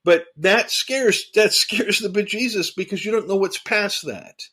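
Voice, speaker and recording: A man co-hosting a casual theological discussion, talking in an animated, emphatic way and repeating phrases for emphasis. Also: sits high, unhurried, husky. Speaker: podcast co-host.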